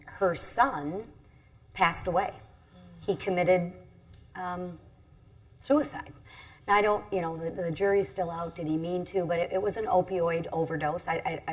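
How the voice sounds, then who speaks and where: A congresswoman on an event stage shares a personal story during a panel discussion. Her voice is low and husky, and she speaks earnestly but haltingly, restarting many times.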